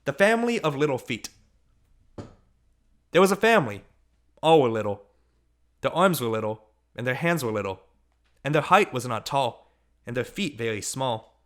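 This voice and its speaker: A man reading a novel aloud as an audiobook narrator, with gentle storytelling and quiet speech tags. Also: mid-range voice, big pitch swings, moderate pace.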